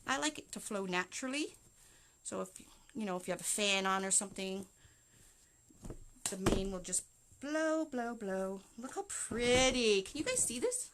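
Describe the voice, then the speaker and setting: Canadian woman hosting a crafting livestream, bright and chatty, a touch of faint background noise. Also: fairly high pitch. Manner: chatty, talks to viewers while working. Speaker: wreath-making livestream host. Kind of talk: casual live crafting tutorial.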